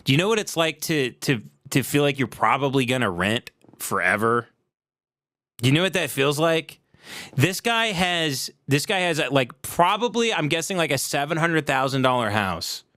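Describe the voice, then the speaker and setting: A man's voice: fairly high pitch, lively intonation, moderate pace, bright, forceful tone, no room sound. A young adult man, a comedy podcast host, delivering a sarcastic, profane, worked-up comedic rant.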